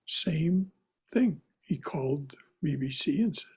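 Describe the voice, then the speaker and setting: Breathy man leading a poetry class. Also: a little high, a little mellow. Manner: storytelling, emphatic, slow on poetry. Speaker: class leader. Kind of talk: spiritual class discussion. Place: online class call.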